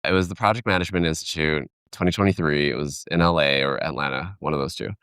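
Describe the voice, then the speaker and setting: A man's voice: very deep voice, fast talker, a bit bright, clear, resonant tone, dry recording, clean studio sound. A man speaking as a keynote speaker in a conversational podcast interview, telling stories animatedly and acting out quoted voices.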